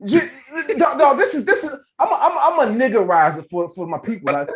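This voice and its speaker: A man's voice: extremely high pitch, very animated, fairly quick, few pauses, a bit bright. A man co-hosting a sports podcast over a video call, talking in a heated, emphatic way and repeating phrases. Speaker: podcast co-host. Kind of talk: casual sports talk.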